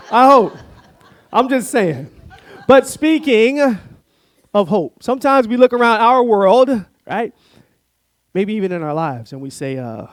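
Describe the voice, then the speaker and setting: A man giving a sermon, an animated, playful storyteller who talks directly to the congregation. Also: sits high, no echo, clean studio sound. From Florida. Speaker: guest speaker. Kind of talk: sermon with a told joke.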